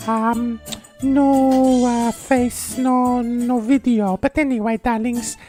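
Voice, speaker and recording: A man's voice: very high voice, little pitch movement, slow, mellow, faint music behind, pitched above the performer's own voice. A man voicing a flirty, gushing middle-aged cleaning lady with a Greek accent who calls everyone darling. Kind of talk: comedy character message.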